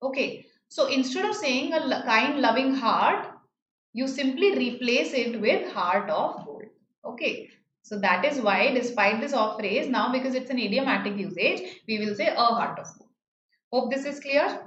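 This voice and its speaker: A woman's voice: a little high, lively intonation, moderate pace, fairly bright tone. A woman with an Indian English accent teaching an online grammar lesson, explaining patiently and checking in with her students. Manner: explains patiently, repeats key phrases, checks with "right?". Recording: slightly dull, roomy, faint noise.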